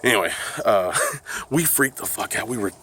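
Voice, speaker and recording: A man's voice: mid-range voice, animated, moderate pace, a bit bright, slightly rough. A man telling a story on his vlog, laid-back and profane, often laughing as he talks. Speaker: vlogger. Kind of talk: casual storytime.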